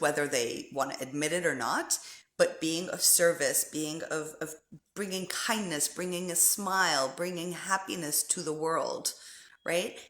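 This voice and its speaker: A woman's voice: lowish voice, fairly bright tone. Earnest woman coach in an echoey room. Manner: conversational, repeats phrases for emphasis. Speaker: spiritual life coach. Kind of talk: heartfelt motivational monologue.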